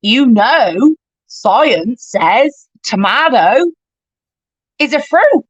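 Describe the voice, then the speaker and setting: A woman with a West Country accent imitating a folksy male church deacon who gives slow, homespun lessons. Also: very high voice, sing-song, husky, no echo, muffled recording, voice pushed up, exaggerated voice. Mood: lecturing. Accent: West Country English.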